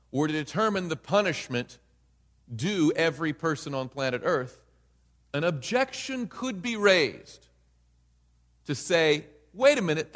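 High-voiced man preaching in a hall. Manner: emphatic, keeps asking listeners "right?". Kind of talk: Bible study sermon.

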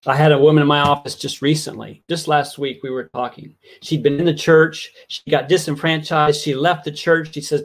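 A man's voice: fairly high pitch, fairly even intonation, moderate pace, hardly any pauses. A middle-aged man preaching a sermon, telling a personal story with heartfelt earnestness that builds into impassioned pleading.

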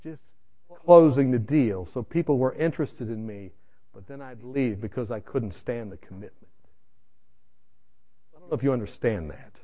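A man's voice: mid-range voice, muffled recording. A man preaching his personal testimony, telling his story in an emphatic way and speaking straight to his listeners. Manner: emphatic storytelling addressing the audience directly. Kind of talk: sermon testimony.

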